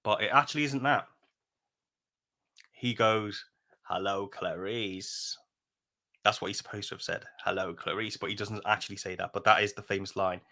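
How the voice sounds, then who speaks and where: A man's voice: fairly low pitch, fairly quick, pushed and bright. A man co-hosting a podcast, chatting casually and rambling through retellings with frequent laughs. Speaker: podcast co-host. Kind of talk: casual chat.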